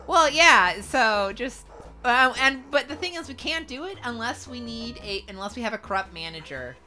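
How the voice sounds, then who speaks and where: A woman co-hosting a casual retro gaming stream, excitable, reading chat aloud and swearing now and then. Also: on the high side, normal speed, soft background music. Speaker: streamer co-host.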